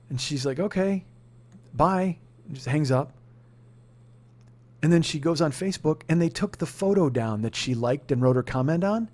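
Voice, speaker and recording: A podcast host in his forties tells a story with plenty of swearing and mock outrage. His voice sits a little high for a man and keeps rising into shouted rants. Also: lively intonation, moderate pace, long pauses. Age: 40s. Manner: profane ranting that climbs into shouting. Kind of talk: casual comedic storytelling.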